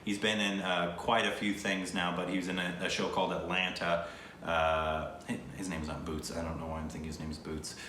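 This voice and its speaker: A man hosting a reaction video, chatting casually and halting a lot as he searches for names. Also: deep voice, level tone, sharp tone. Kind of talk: casual chat. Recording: echoey room with faint noise.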